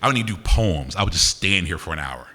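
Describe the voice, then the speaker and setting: A man's voice: deep voice, lively intonation, fast talker, pushed and bright, slightly rough. A male poet doing playful, teasing crowd work with his audience during a live show at a university concert venue. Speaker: performance poet. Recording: reverberant hall, live event.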